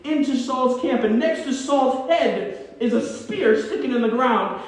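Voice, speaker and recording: High-voiced male pastor in an echoing church. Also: measured pace, few pauses. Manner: emphatic, swings from loud to quiet. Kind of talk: sermon. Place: church sanctuary. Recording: echoey church from far off.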